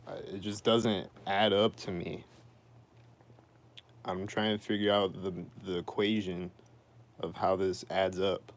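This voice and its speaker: A man's voice: deep voice, flat delivery, slow pace, pauses often. A man ranting on a livestream in an aggrieved, repetitive way, asking the same questions over and over. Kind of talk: livestream rant.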